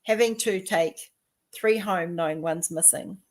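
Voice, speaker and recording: A woman in her fifties with a slightly low voice tells personal stories in a chatty, animated way, slipping into the voices of the people she quotes. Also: measured pace. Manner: chatty, animated storytelling, acting out quoted dialogue. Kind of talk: casual personal conversation.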